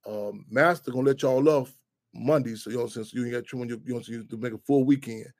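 A man's voice: medium pitch, fairly even intonation, quick pace, a little mellow. A man hosting a radio talk show, speaking in loose, profane street talk full of restarts.

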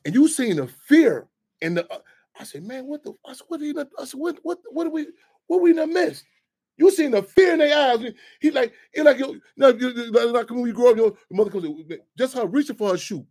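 A man's voice: very high-pitched, animated, a little fast, a little mellow, husky. A man hosting a radio talk show, speaking in loose, profane street talk full of restarts.

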